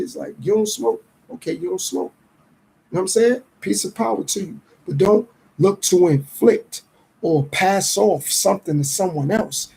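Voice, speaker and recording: A man's voice: high-pitched, creaky, dark tone, husky, poor audio. A middle-aged man hosting a podcast, reflecting in a streetwise, casual monologue. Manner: reflective, streetwise, acts out others' lines in quick voices. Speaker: podcast host.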